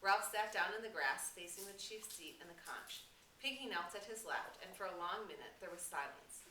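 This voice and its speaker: A woman teacher reading a novel aloud in a steady, expressive way. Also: mid-range voice, normal speed. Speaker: English teacher. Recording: roomy room, distant mic, faint hiss.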